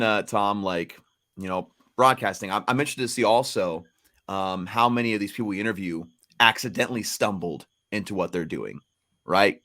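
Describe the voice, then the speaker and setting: A man who works as a sports broadcaster, speaking in a smooth, polished radio style. His voice sits a little low. He tells an anecdote in relaxed chat. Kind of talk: casual chat.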